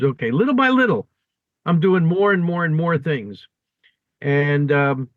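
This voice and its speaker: A man co-hosting a casual podcast, telling stories in an easygoing, conversational way. His voice sits a little high. The recording is dull and lo-fi, dry and close with no room sound. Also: moderate pace, a bit bright, no room sound. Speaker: podcast co-host. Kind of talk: casual storytelling chat.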